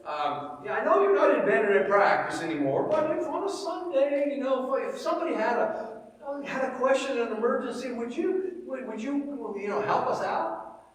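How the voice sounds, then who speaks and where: A man's voice: very high-pitched, lively intonation, voice pushed up. A man voicing a hesitant man from his church who stammers while asking a favor. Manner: halting, stammering request. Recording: echoey hall, voice from far off.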